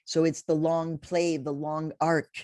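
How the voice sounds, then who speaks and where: A woman's voice: low-pitched, flat delivery, unhurried, warm tone, no room sound, studio quality. A middle-aged woman giving a heartfelt commencement speech to journalism graduates. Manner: heartfelt, rising to tearful near the end. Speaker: commencement speaker.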